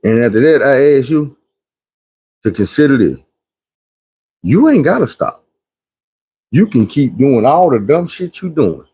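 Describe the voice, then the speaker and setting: A man delivers a blunt, preachy livestream monologue in casual street talk. His mid-pitched voice has a husky, slightly rough edge, and he slips into acted-out quotes of other people. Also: animated, a little slow, long pauses, mellow. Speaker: livestream host.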